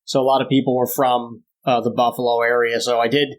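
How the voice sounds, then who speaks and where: A young man co-hosting a podcast in casual chat, ranting with exaggerated disdain and climbing higher as he gets worked up. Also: flat delivery, brisk. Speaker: podcast co-host.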